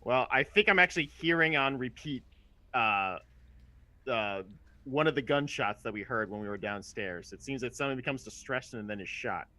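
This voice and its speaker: A man playing in a tabletop role-playing game, talking haltingly with many restarts. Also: mid-range voice, lively intonation, bright, forceful tone, no room sound. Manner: halting, lots of restarts and fillers. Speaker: player. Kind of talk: casual tabletop play.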